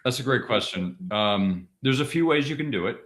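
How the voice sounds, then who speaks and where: Here is a male podcast co-host in a relaxed discussion who talks with insistent emphasis. He keeps circling back to the same point and restarts sentences as he goes, while his pitch sits in an ordinary middle range. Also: moderate pace. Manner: emphatic, repeats key points, frequent restarts.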